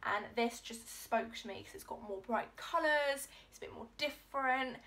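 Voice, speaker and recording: A woman's voice: on the high side, moderate pace, a bit bright. Gushing young woman vlogger. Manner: gushing, gasping, lots of "oh my god". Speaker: beauty vlogger. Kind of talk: excited unboxing vlog.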